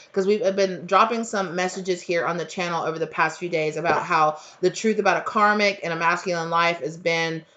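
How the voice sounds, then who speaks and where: A tarot reader gives a casual spiritual reading in a rambling, conversational way, full of fillers and restarts. Her lowish voice has a fairly bright tone, and the audio is dull and lo-fi.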